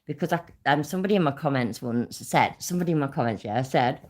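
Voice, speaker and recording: A woman from Leicester, England, speaks with an East Midlands English accent in an extremely low, expressive voice at a fairly quick pace. Hosting a casual live stream, she rants in rambling, sweary bursts that keep speeding up.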